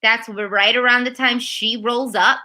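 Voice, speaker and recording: A woman with a fairly high, bright voice, co-hosting a casual recap show. She rants in an animated way and slips into mocking impressions. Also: normal speed. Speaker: podcast co-host.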